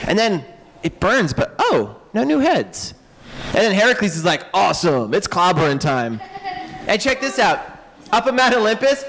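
Animated man telling myths to kids. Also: high-pitched, long reverb tail, a little hiss or hum, low-quality recording. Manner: animated, joking, quick asides. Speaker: author and illustrator. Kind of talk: lively storytelling talk to children. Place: public library event room.

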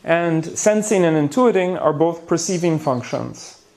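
A man speaks slightly slowly and expressively in a slightly high, darkish voice, giving a conference talk on the brain to a hall audience. The neuroscience lecturer plays it up theatrically, with gasps, side remarks and small jokes.

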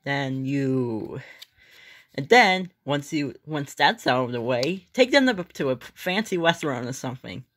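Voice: medium pitch, expressive, a little slow, fairly bright tone. A performer voicing a friendly male character giving dating advice in an amateur voice drama, chatty and rambling.

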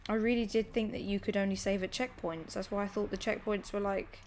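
A woman's voice: medium pitch, steady tone, a little fast, a little mellow, a little hiss or hum. A British woman streaming a game live, chatting, swearing and laughing as she plays. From United Kingdom. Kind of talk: live gameplay commentary.

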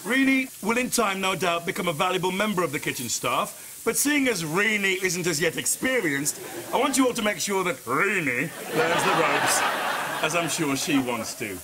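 Sarcastic head chef. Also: male voice, high voice, lively intonation, normal speed, very noisy. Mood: sardonic. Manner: sarcastic, dry and commanding. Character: proud, sharp-tongued male head chef. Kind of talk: sitcom acting.

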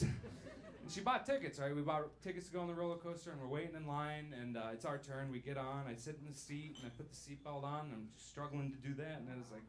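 A man's voice: a little high, fast, crowd noise. A young man doing a stand-up set in a comedy club, loose and rambling, swearing and laughing at his own jokes, on a handheld mic. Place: comedy club stage with a live audience. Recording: live club recording with audible background noise.

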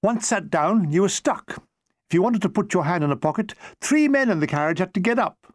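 Man, reading his own memoir, comic storytelling, wry and dry, higher-pitched voice, close dry sound. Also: lively intonation, a little fast, no echo.

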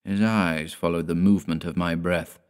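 Man, very deep voice, measured quiet horror audiobook narration. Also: steady tone, smooth.

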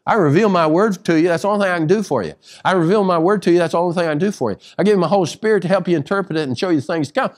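A man voicing God answering a believer patiently, repeating himself quickly. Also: high voice, close to an everyday voice. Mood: patient, insistent. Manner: repetitive, quick.

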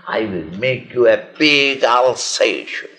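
A man voicing a calm old male guru who soothes his frightened pet, speaking low and unhurried. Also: soft background music. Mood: reassuring.

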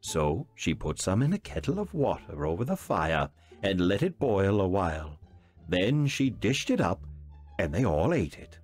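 Guy reading a fairy tale, slow and dramatic, voice swooping up and down. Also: sits low, faint music behind. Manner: expressive, dramatic storytelling. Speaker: reader. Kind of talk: storybook narration.

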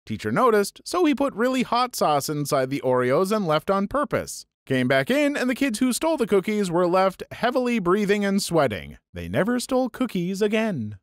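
Male story narrator for read-out anecdotes, slightly high and animated, dry booth-like sound. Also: normal speed, hardly any pauses, no echo. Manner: reads first-person anecdotes in a storytelling tone. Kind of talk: scripted narration of reader stories.

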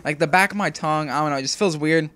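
A man's voice: on the high side, fast talker, fairly bright tone, dry recording. A young man talking loosely through off-the-cuff gameplay commentary, rambling, slangy and swearing, still getting over a sore throat. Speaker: gaming YouTuber.

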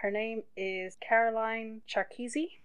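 A woman's voice: a little high, fairly even intonation, unhurried, clear, resonant tone. A British woman co-hosting a podcast, musing thoughtfully through a TV episode with lots of "like". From United Kingdom. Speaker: podcast co-host. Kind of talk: casual chat recapping a TV episode.

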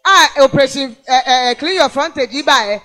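A male host from Ghana giving animated news commentary, emphatic and repetitive, often rising to shouts for stress. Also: very high-pitched, brisk. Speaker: radio-TV news review host.

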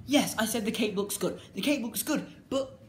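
A woman giving a casual, ranting review as a vlogger, exasperated and repetitive, swinging between loud outbursts and low muttering. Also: moderate pace. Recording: echoey room with faint background noise.

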